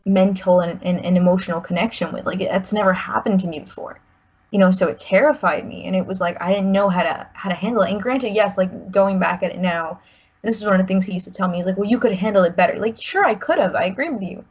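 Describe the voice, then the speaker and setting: Speaking fast in a mid-range, slightly rough voice, a twenty-something woman shares a personal story as a guest. She rambles, restarting often and saying "like" a lot. The sound is a bit muffled.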